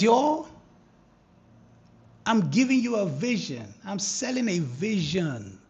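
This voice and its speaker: A man hosting a live trading stream, commenting on charts in a teasing, animated way that breaks into excited shouting. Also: high voice, slow, long pauses, breathy edge, lo-fi sound. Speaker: trading livestream host.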